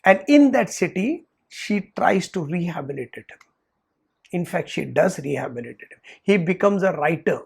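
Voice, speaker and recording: This Vedanta teacher's voice is mid-range, gravelly and a touch husky, with lively intonation at a normal speed. To illustrate a point, the teacher recounts a story, slipping into brief quoted lines for every character while still sounding like a lecture.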